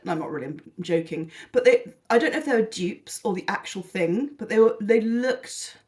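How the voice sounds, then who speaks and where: A British woman chatting through a shopping haul at a mid-range pitch. She rambles, gushes over her finds and pokes fun at herself, sounding a touch tired. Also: lively intonation, normal speed, hardly any pauses, darkish tone. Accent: British English. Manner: rambling, self-deprecating and gushing. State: tired and lethargic. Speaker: vlogger. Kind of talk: casual chatty haul video.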